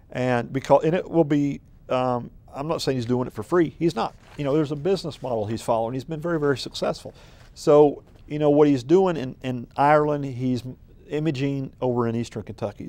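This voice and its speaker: Mellow-voiced city manager rambling. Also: male voice, medium pitch, dry recording. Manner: rambling, filler-heavy, folksy storytelling. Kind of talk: conversational interview.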